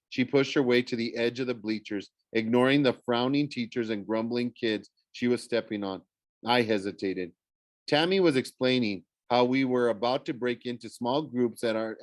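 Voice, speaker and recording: A man's voice: medium pitch, moderate pace, no room sound. A man reading a first-person novel chapter aloud in a casual way, often stumbling over words and correcting himself. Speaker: audiobook reader.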